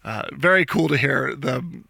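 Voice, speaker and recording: A man co-hosting a sports podcast in casual chat, animated, often laughing and mimicking announcers. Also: mid-range voice, measured pace, gravelly, breathy edge, dry recording, clean studio sound. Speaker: podcast co-host.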